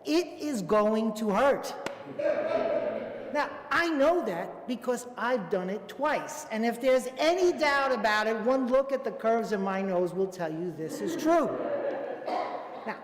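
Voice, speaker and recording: A man in his fifties from Brooklyn, New York, telling a comic, self-mocking story on a theater stage. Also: very high voice. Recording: echoey theater hall.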